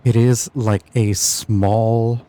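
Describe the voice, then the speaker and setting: Acting as game master for an online tabletop game, a man narrates in a warm, flat, mid-range voice. He keeps stumbling and restarting his descriptions, halting and self-deprecating as he goes.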